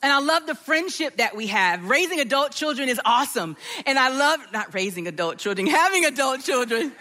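A middle-aged woman, speaking as a guest at a church service, animated and enthusiastic, laughing often. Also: high voice, a little fast, big-room sound. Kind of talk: sermon talk. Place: church auditorium.

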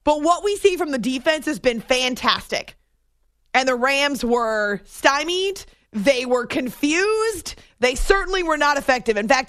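High-voiced, enthusiastic woman radio host. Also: no echo, clean studio sound. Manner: enthusiastic, emphatic, talks to callers. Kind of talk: animated sports talk radio. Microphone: studio microphone.

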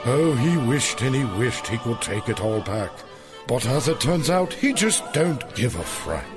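A man's voice: mid-range voice, very animated, a little slow. A man performing a mock-grand storybook narrator, reciting rhymes in a sing-song delivery over a music bed. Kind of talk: rhyming holiday parody narration.

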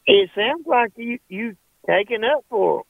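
A man's voice: very high-pitched, animated, measured pace, gravelly, dry recording. A man from Alabama, calling in to argue with a radio host in a folksy way. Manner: folksy, argumentative. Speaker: caller. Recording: tinny phone line.

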